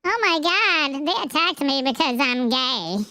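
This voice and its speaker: A man voicing a whiny, mocking caricature of a young man in an exaggerated falsetto. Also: lively intonation, unhurried, bright, forceful tone, no room sound, heavily acted. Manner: exaggerated falsetto, sing-song mockery.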